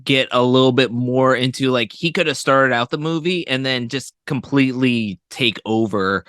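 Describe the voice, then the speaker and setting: Speaking at a normal speed with a medium-pitched, fairly bright and clean voice, a man co-hosts a podcast as a guest. He casually offers opinions on movies, hesitating a lot with fillers and restarts. The audio is studio quality, without room sound.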